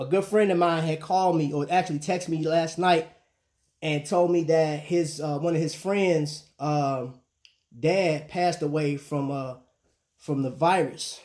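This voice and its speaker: He hosts a casual live stream, chatting loosely with his viewers and slipping "man" and "bro" into most of what he says. His voice is fairly high-pitched with a darkish tone.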